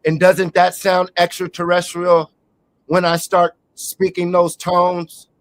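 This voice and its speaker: A man's voice: sits high, monotone, slow pace, no echo, poor audio. A man hosting a live online talk show, delivering a rambling, emphatic monologue. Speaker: host.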